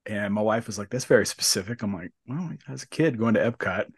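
A man hosting a podcast interview, asking his guest questions in a relaxed, conversational way. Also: on the low side, a little fast, slightly rough, no echo, clean studio sound. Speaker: podcast host. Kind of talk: casual interview chat.

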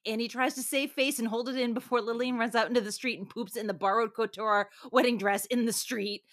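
A woman's voice: on the high side, steady tone, brisk, fairly bright tone. A woman co-hosting a movie podcast, reading out a scene summary in an amused way, with small laughs. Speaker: podcast co-host.

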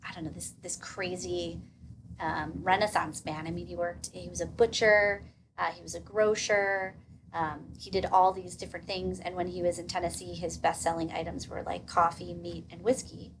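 A woman's voice: on the low side, little pitch movement, moderate pace, slight background noise, poor audio. A woman in her thirties chatting casually as a podcast guest, with a loose, filler-heavy way of talking.

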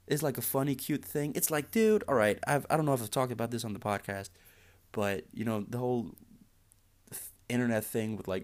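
A man of middling pitch hosting a casual podcast. He rants in a sarcastic, exasperated way and swears freely as he goes. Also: brisk. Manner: sarcastic, profane, exasperated ranting. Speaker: podcast host.

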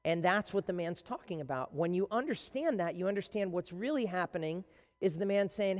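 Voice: mid-range voice, fairly quick. Emphatic preacher in a reverberant hall. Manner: animated storytelling, emphatic. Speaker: pastor. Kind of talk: sermon.

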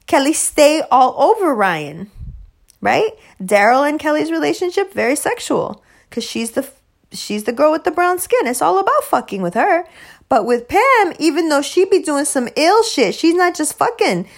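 A fairly high-pitched woman whose voice swoops widely and keeps slipping into vocal fry as she talks. She hosts her own show in a loose, rambling monologue. Her delivery is blunt and profane, with emphatic stress on every point. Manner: blunt, emphatic, heavy swearing. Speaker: podcast host.

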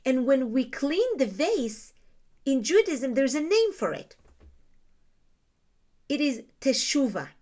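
A woman's voice: high-pitched, big pitch swings, slow pace, pauses often, a little mellow. A woman giving a reflective teaching talk on Jewish ideas, explaining terms and asking her listeners rhetorical questions.

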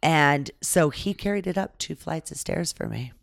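A woman guest casually telling a travel story in a dramatic, animated way, swearing freely. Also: low voice, normal speed, vocal fry, dry recording, clean studio sound. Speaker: podcast guest.

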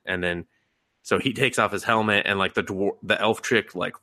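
Cussing podcast guy, bright low voice. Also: steady tone, normal speed, dry recording, studio quality. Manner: profane, rambling, acts out quotes in sudden voices. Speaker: podcast co-host. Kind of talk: casual anime recap chat.

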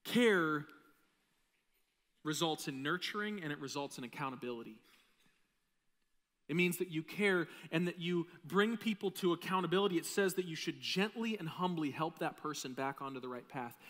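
Bright-voiced pastor preaching in a hall. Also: male voice, on the high side, moderate pace. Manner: conversational and joking with the congregation. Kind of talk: sermon. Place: church sanctuary with a live audience.

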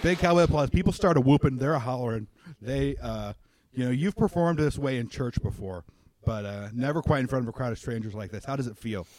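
A man's voice: mid-range voice, a little fast, a little mellow, no echo. Dry, close-miked man narrating as game master. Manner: loose, rambling narration full of fillers. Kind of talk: narrating a tabletop role-playing game.

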